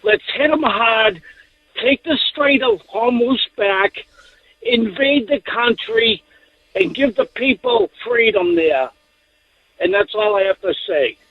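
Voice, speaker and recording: A man's voice: extremely high pitch, animated, slow pace, breathy edge, no echo. A man calling in to a radio show, arguing heatedly and insistently and repeating his points. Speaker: caller. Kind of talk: call-in radio. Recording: phone line.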